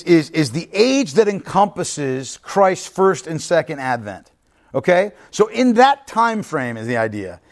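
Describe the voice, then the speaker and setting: A man teaching through a Bible passage in a conversational way, often checking in with "right?" and "okay?" and sometimes restarting his words. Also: a little high. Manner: earnest, restarts and stumbles over words. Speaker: pastor teaching Bible study.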